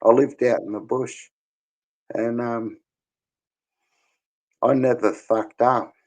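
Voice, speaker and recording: A man's voice: medium pitch, steady tone, takes it slowly, darkish tone, rough recording. A middle-aged Australian man talking crudely and boastfully in casual chat, laughing often. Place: bar.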